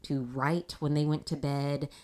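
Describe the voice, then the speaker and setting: Low-voiced woman telling a story. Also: unhurried. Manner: animated storytelling with frequent laughs. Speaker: podcast host. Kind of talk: casual faith talk.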